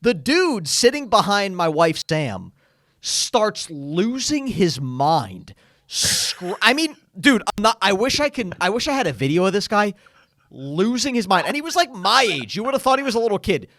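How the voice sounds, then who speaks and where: A young man co-hosting a podcast, telling a travel story in a casual, animated way and acting out what others said. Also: sits high, moderate pace, no room sound, clean studio sound. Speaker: podcast co-host.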